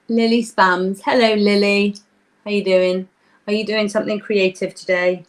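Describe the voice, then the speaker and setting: A woman's voice: mid-range voice, little pitch movement, normal speed. A young woman hosting a live craft workshop, chatting casually and greeting viewers by name while she works.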